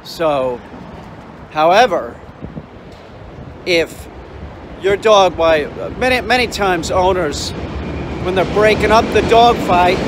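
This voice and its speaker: A man's voice: sits high, takes it slowly, pauses often. A man, a dog trainer, ranting bluntly and swearing while out walking dogs on a city street. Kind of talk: casual vlog rant while walking dogs. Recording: street noise behind.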